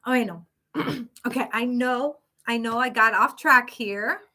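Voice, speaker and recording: A woman hosting a live psychic stream, chatting casually and telling stories in an animated way. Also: fairly high pitch, a little slow.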